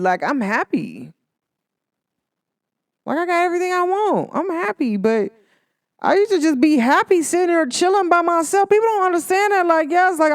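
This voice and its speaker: A woman's voice: high-pitched, dry recording, studio quality. A woman hosting a casual motivational talk, chatty and encouraging, with lots of filler words. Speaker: podcast host.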